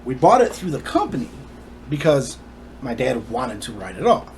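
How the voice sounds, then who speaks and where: A man's voice: medium pitch, big pitch swings, moderate pace, slight background noise. Emphatic man telling his own story. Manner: emphatic, indignant. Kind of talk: personal story to camera.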